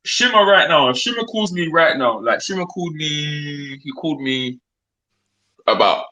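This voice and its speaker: A man's voice: on the high side, expressive, bright, forceful tone. A man with a London accent, a grime MC telling stories in a casual interview, slangy and quoting conversations. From England. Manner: slangy, quick, retells talks in quoted bits. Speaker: grime MC guest.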